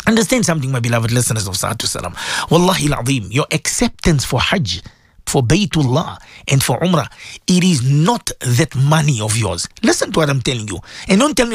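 A man hosting a morning religious radio talk show, animated and chatty, acting out what people tell him. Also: medium pitch, brisk, husky, no echo, studio quality. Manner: animated, acts out callers' voices, heavy religious phrases.

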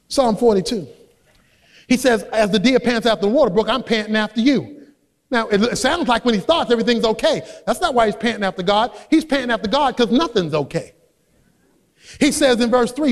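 A man preaching a sermon as a pastor, emphatic and building up to shouts. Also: very high voice, expressive, moderate pace, vocal fry. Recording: long hall reverb.

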